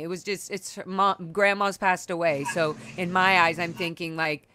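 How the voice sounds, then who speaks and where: A young adult podcast host tells a candid, emotional personal story over a video call, peppered with fillers and restarts, in casual conversation. She has a lowish, clear, resonant voice that sounds pushed and bright, with fairly even intonation, normal speed and few pauses.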